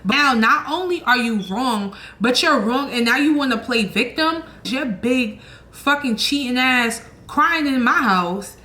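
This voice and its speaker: Animated young woman in an echoey room. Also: high-pitched, unhurried. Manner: animated, blunt and profane, acts out her own quotes. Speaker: channel host. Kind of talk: storytime vlog. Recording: echoey room with faint noise.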